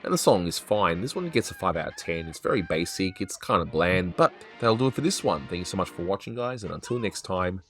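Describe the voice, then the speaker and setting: A man's voice: deep voice, lively intonation, brisk, hardly any pauses, fairly bright tone, faint music behind. A man hosting a cartoon review talk, giving plain, matter-of-fact verdicts. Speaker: host.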